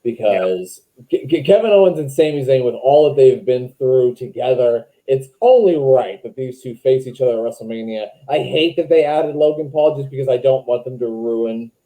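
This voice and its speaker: Sarcastic man with a mellow voice. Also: mid-range voice, lively intonation, moderate pace, few pauses, rough recording. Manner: sarcastic, stumbling restarts. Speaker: podcast guest. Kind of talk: casual chat.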